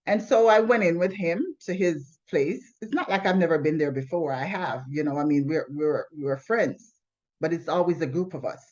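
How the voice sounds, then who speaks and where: A woman's voice: deep voice, normal speed, darkish tone. Woman sharing a personal testimony. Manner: earnest, plainspoken, with frequent restarts. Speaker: testimony sharer. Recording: slightly dull lo-fi recording.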